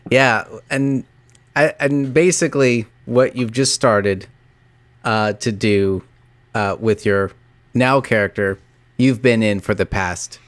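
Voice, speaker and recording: A man's voice: lowish voice, takes it slowly, no room sound. A man co-hosting a casual tabletop podcast, eager and enthusiastic with frequent restarts. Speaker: podcast co-host.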